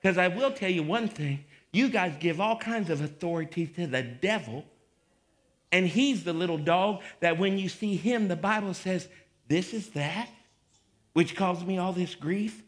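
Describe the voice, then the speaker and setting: A man preaching a fiery sermon as pastor, confrontational, swinging from mocking mutters to shouts. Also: sits high, lively intonation, unhurried.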